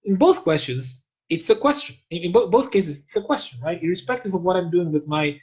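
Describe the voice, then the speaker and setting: A man's voice: high-pitched, animated, a little mellow, poor audio. Man explaining like a lecturer. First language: Spanish. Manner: measured, lecturing, pauses to search for terms. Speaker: guest expert. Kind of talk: explanatory academic talk.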